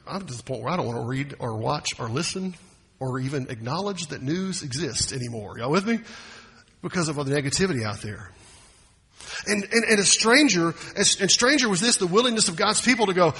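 Man, pastor, sermon, somewhat high voice, folksy. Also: big pitch swings, a little fast, sharp tone, slightly rough, in a large hall. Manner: folksy, asks the congregation questions.

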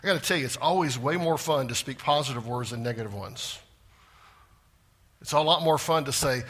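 A man preaching a sermon with big swings in pitch and loudness, sometimes dropping to a hushed voice for emphasis. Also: normal speed, slightly rough. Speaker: pastor.

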